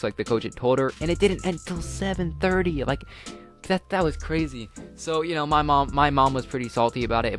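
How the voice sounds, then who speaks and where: A teenage vlogger rambles through a casual storytime, full of filler words and restarts. His voice sits at an ordinary middle pitch with a fairly bright tone, and faint music plays beneath him.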